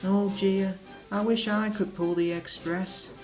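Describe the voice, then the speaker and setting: Brief: chirpy eager young engine, pitched up, read by a man. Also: steady tone, slow pace, soft background music. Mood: wistful. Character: cheeky young red tank engine, male.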